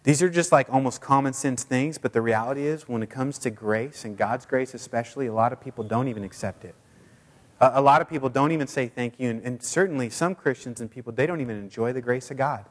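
Pastor, male, mid-pitched, chatty sermon delivery with lots of "like" and repeats, church hall reverb. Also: fast talker. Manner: conversational preaching with many fillers and repeats. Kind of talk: sermon and prayer. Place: church sanctuary.

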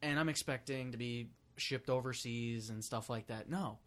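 A young man co-hosting a casual talk show, blunt and quick to scoff. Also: mid-range voice. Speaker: podcast co-host. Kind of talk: casual chat.

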